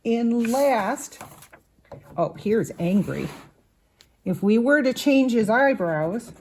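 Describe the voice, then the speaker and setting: A woman's voice: on the high side, animated, slow, darkish tone, slight background noise. A woman teaching young children to draw, patiently explaining each step as she draws. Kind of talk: slow drawing lesson for children.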